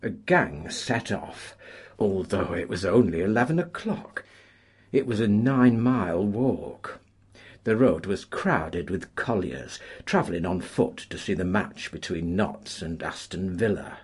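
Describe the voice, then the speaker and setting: Deep breathy-voiced male storyteller. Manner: measured, expressive storytelling. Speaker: narrator. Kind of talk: audiobook narration.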